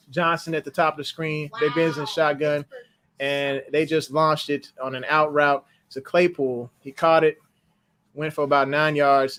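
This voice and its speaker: A man hosting a fan livestream, reacting emotionally to a live football game and swinging between loud outbursts and fast muttering. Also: on the high side.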